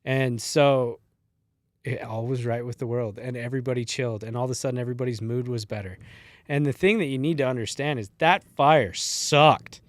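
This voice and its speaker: A middle-aged man spins casual stories as a podcast guest, loose and profane, with easy laughs. His voice sits at an ordinary pitch, recorded close and dry. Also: a little fast, no room sound. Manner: laid-back, swears freely, laughs while telling stories. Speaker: guest, former wildland firefighter.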